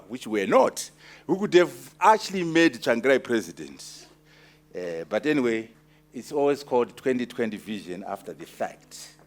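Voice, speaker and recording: A man from Zimbabwe, an author answering audience questions at his book launch with forceful, teasing emphasis. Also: a little high. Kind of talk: lively Q&A talk.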